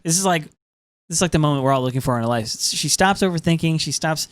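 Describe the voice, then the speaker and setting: A man's voice: a little high, fast talker, clear, resonant tone, no room sound. A man co-hosting a podcast in casual chat, talking emphatically with many filler words. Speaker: podcast co-host.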